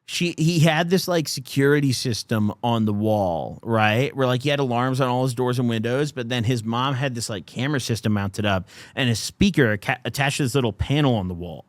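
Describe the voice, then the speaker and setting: A man's voice: mid-range voice, brisk, hardly any pauses, no room sound. A young man in his twenties, a podcast host telling a story in a casual, profane way. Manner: animated, profane, heavy use of "like".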